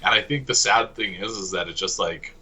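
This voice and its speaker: A man's voice: fairly low pitch, a little fast, bright, forceful tone, slight background noise, poor audio. A man from Canada co-hosting a casual sports podcast, talking analytically and correcting himself as he goes. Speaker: podcast co-host.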